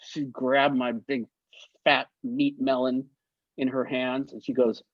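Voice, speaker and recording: A man in his fifties, a guest on an interview, telling stories in a lively way and acting out the people in them. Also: mid-range voice, slow, dry recording, highs cut off. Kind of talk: anecdotal storytelling.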